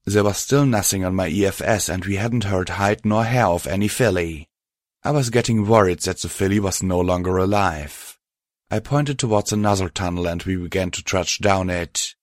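A man narrating a story aloud in a steady, even storytelling manner. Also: sits low, moderate pace, no room sound, studio quality. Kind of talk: scripted audiobook narration.

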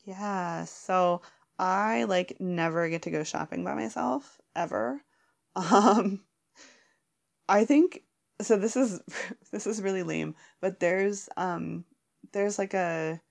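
A woman's voice: mid-range voice, measured pace, gravelly. A woman answering questions in a casual chat, rambling and giggling between thoughts. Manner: giggly, rambling, many fillers and restarts.

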